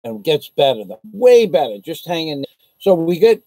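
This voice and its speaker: A man's voice: on the high side, big pitch swings, moderate pace, mellow, no echo, poor audio. An American man vlogging from the Philippines, telling an indignant, rambling story on a casual livestream. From United States.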